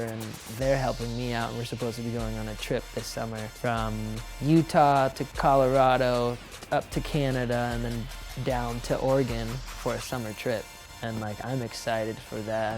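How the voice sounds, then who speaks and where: Young male snowboarder, casual storyteller, mid-pitched, slangy, faint music underneath. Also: a little mellow. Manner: loose slangy talk full of "like", acting out quoted voices.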